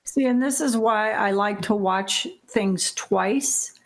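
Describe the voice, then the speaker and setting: A woman co-hosts a casual podcast chat, speaking slowly in a mid-range voice. She talks hesitantly, with lots of fillers and restarts.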